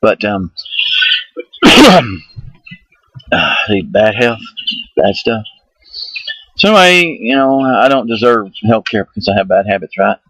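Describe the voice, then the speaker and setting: A middle-aged man from the United States telling a rambling, profane story about himself, excitable and laughing at his own misadventures. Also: on the low side, takes it slowly, pauses often, no echo, rough recording.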